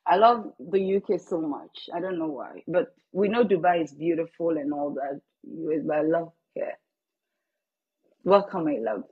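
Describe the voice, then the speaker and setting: A woman's voice: deep voice, normal speed, breathy edge, phone-quality sound. A woman with a Ghanaian accent chatting casually to her viewers while she eats, drifting between English and Twi. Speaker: vlogger. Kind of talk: casual eating-show chat.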